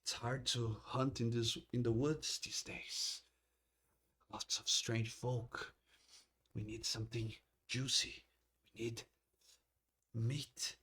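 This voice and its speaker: A man's voice: medium pitch, little pitch movement, slow pace, long pauses, fairly bright tone, husky. A man voicing a hungry wolf pack. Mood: hungry, pleading. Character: hungry wolf pack speaking in overlapping voices.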